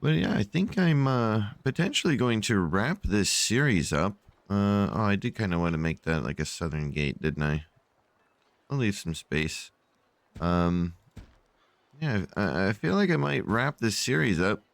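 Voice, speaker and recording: Very low-voiced tired man narrating gameplay. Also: sing-song, unhurried, gravelly, no echo. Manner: rambling and tired, frequent yawns and fillers. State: sleepy. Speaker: gameplay channel host. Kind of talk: casual game commentary. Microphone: desk microphone.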